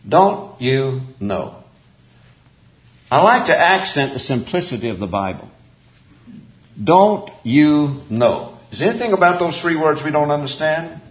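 An older man preaching a sermon to a men's group, folksy and chuckling, drawing out emphatic repeated phrases. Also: medium pitch. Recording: roomy, dull lo-fi sound.

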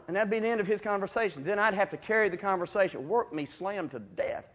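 A man preaching a sermon, telling stories in a folksy, animated way with chuckles. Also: high-pitched, quick pace, hardly any pauses. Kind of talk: storytelling sermon. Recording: dull lo-fi recording.

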